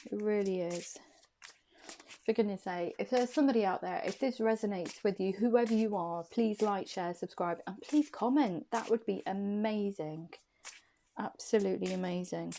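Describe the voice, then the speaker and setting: Gravelly-voiced woman reading tarot cards. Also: medium pitch, mellow, slight background noise. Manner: soothing and reassuring, often repeats her phrases and questions. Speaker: intuitive tarot card reader. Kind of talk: casual spoken card reading to camera.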